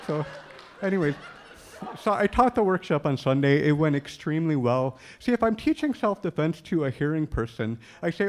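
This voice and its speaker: A man with a slightly higher voice tells a personal story with humor. He acts out the dialogue of the people in it and laughs easily along the way. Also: animated, fairly quick. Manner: laughs often. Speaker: speaker telling his story. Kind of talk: storytelling talk.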